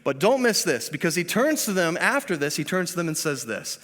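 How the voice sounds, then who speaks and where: A man in his thirties preaching a sermon as pastor. He swings between hushed, drawn-out lines and loud, emphatic ones, with self-deprecating asides. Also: a little high, very animated. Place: church. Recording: reverberant church sanctuary.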